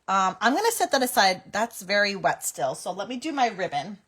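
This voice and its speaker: A woman's voice: mid-range voice, very animated, fairly quick, fairly bright tone, husky. A woman hosting a live card-making tutorial, chatting with viewers in a giggly, chatty way. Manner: chatty, giggly, breaks into helpless laughter. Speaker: card-making livestream host.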